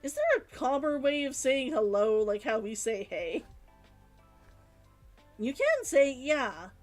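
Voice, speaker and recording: A woman's voice: high voice, very animated, takes it slowly, faint music behind. A woman streamer chatting casually on a live stream, musing aloud and reading out chat comments.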